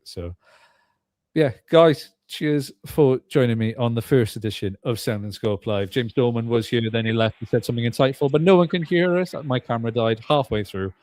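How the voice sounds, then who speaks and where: A man's voice: medium pitch, normal speed, darkish tone, no room sound, clean studio sound. Hesitant British man hosting a podcast. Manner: hesitant, lots of fillers and restarts. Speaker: podcast host. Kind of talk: casual chat.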